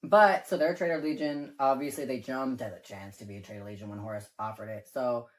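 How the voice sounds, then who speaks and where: A man's voice: medium pitch, fairly even intonation, quick pace. A man co-hosting a casual chat and explaining game lore in a rambling way, leaning on filler words and swearing now and then. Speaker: co-host.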